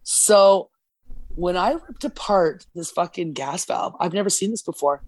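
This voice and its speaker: Salty animated woman telling a story. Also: lowish voice, a little slow, dry recording. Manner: swearing, animated storyteller acting out quotes. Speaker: guest telling a work story. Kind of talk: casual chat. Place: podcast studio.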